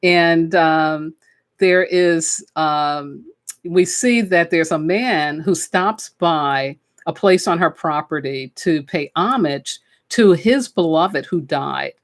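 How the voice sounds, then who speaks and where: A woman's voice: sits low, slow. A woman hosting a spiritual talk show, chatting casually and enthusiastically about films, with frequent fillers. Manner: enthusiastic, chatty, with many fillers and "you know". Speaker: podcast host and spiritual teacher. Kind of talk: casual spoken film commentary.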